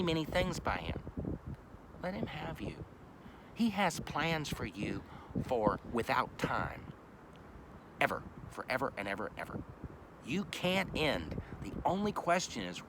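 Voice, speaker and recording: A man preaching informally outdoors, blunt, profane and emphatic. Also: on the high side. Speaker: street preacher. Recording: loud traffic noise outdoors.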